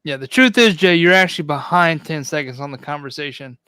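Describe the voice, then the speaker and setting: A man with a high, bright-pitched speaking voice bantering loosely on a live stream, swearing offhandedly and riffing on jokes. The sound is dry and close, with no room around it. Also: a little fast, smooth, dry recording. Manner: loose, profane, joking, reads chat aloud.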